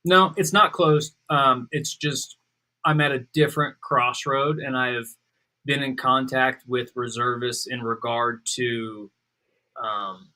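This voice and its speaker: A man as a guest in a casual conversation, speaking hesitantly with many pauses and ums. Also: mid-range voice, fairly even intonation, pushed and bright, low-quality recording.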